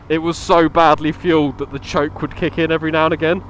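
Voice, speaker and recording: Bloke vlogging from a helmet mic on his bike, slightly high voice, faint wind and engine hum, laughs a lot. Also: moderate pace. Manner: chatty, laughs a lot, swears casually. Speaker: motovlogger. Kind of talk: casual chat while riding. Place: on a motorcycle outdoors on country roads.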